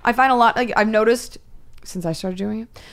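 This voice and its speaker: A woman comedian chatting as a podcast guest, telling stories with animated, acted-out quotes. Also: a little high, fairly quick. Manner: animated storytelling, acts out quotes. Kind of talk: casual podcast chat.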